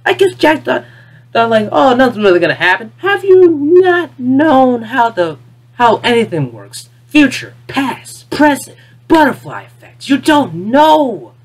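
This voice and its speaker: An exasperated vlogger talks straight to the camera in an unplanned rant. The voice swings between loud, incredulous outbursts and low, deflated muttering. Points come back again and again, mixed with rhetorical questions. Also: very animated, slow pace, breathy edge. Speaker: video creator ranting about a cartoon finale.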